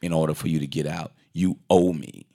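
A man casually retelling a movie plot in a rambling, animated way, slipping into quoted voices and restarting his sentences. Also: very deep voice, a little fast, creaky. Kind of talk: casual movie recap chat.

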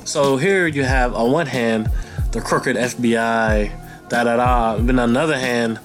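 Easygoing guy talking politics, lots of "kinda like", soft music under it. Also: medium pitch, fairly even intonation, a little slow. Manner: laid-back, reasoning things out with many fillers. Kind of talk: casual political chat.

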